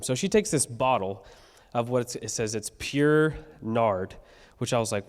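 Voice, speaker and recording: A male pastor telling a story in a casual, animated sermon in a church. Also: mid-range voice, normal speed. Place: church sanctuary. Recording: long church reverb.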